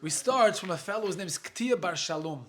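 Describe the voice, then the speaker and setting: A rabbi with a high, expressive, fairly bright voice leads a casual Talmud class for a live group at a brisk clip. He reads brief Aramaic phrases and explains them in chatty English, thinking out loud and joking with students.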